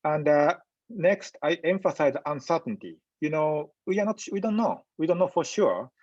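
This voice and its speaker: Halting male medical lecturer, dull audio. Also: on the high side, expressive, darkish tone, no echo. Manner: halting, measured, frequent pauses and fillers. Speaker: physician lecturer.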